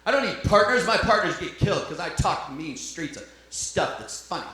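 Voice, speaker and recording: Crude bantering stand-up comedian. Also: male voice, on the high side, expressive, fairly quick. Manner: crude, bantering, self-deprecating asides. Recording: echoey club with crowd noise.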